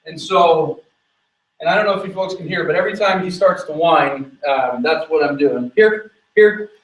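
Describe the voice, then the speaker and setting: A man teaching dog training on location, talking through his method while calling out quick commands to the dog. His voice sits a little higher than most men's and sounds roomy and echoey, picked up from some distance away. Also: fairly even intonation.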